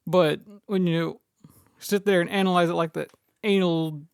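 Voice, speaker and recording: A man's voice: high voice, steady tone, moderate pace, vocal fry, darkish tone, clean tone, dry recording, studio quality. A man co-hosting a podcast, recapping a movie with sarcastic jokes in casual chat. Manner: sarcastic, joking. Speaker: podcast co-host.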